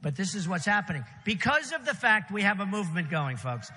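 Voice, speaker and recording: A man's voice: sits high, very animated, fairly quick, long reverb tail, noisy background. A man delivering a rambling, repetitive campaign rally speech with punchy asides to the crowd. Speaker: political candidate. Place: large rally venue.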